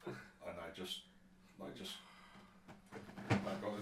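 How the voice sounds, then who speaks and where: A man's voice: deep voice, normal speed, a little hiss or hum. A man narrating a tabletop game as game master, rambling and sweary, with many restarts. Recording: roomy sound from a distant mic with faint ambience.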